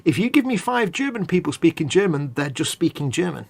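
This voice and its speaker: A man's voice: on the high side, sing-song, a little fast, creaky, slight background noise. A man, co-hosting a live stream, chatting casually and rambling as he reads out viewer comments. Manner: rambling, chatty, self-correcting.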